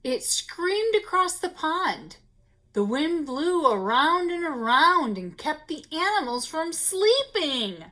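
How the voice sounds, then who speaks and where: A woman reads a children's picture book aloud for story time, breaking in with gasps and little asides to her young listeners. Her voice is high and swoops widely. She takes her time over every line. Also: very animated, slow, sharp tone.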